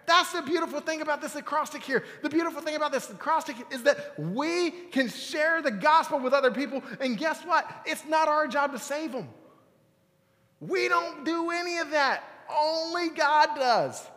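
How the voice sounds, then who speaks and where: Youth pastor guy in his 30s giving a lively sermon, kinda high voice, big echoey church hall. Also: moderate pace. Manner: playful, talks to the room, bursts of excitement. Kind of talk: lively sermon to a young crowd.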